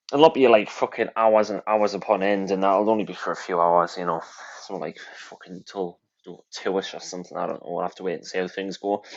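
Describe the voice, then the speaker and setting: A man hosting a casual livestream from his home kitchen, rambling and chatty and swearing freely. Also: lowish voice. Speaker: livestream host. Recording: dull lo-fi stream audio, faint hiss.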